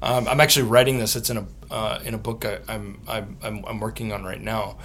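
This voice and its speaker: A man, a theologian and author, answering podcast interview questions with lively storytelling, often laughing and acting out what others said. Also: lowish voice, a little fast, a little hiss or hum. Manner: animated, laughs often, acts out quotes.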